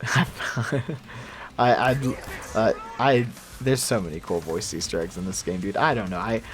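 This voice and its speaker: A man's voice: on the low side, unhurried. A young man in casual let's-play commentary, chatty and rambling with fillers and laughs. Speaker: gaming YouTuber.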